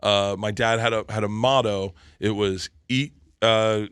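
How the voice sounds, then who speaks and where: Casting: bright-voiced comedian man in his forties, from Florida, animated storyteller, dry studio sound. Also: fairly low pitch, measured pace, clean tone, dry recording. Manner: animated, laughing storyteller acting out quotes. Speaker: comedian guest. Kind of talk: storytelling in casual interview.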